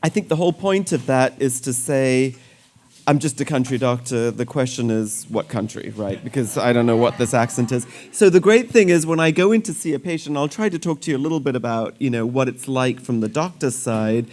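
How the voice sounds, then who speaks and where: A man's voice: mid-range voice, moderate pace, a little mellow. A middle-aged man from Sri Lanka, a surgeon speaking to an audience in a light-hearted, conversational way with self-deprecating jokes.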